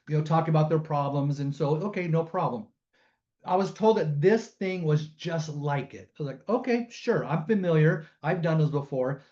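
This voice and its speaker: A middle-aged man with a slightly raised voice tells personal stories on a webinar and acts out the quoted lines as he goes. The sound is dull and lo-fi, like compressed webinar audio. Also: on the high side. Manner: animated storytelling, acts out quotes. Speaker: guest storyteller and sign language interpreter.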